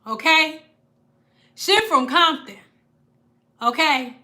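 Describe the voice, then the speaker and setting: On a casual livestream, a hairstylist who has a daughter tells a story in slangy, animated fashion, performing the voices of the people involved. Her voice is a little high and her pace moderate.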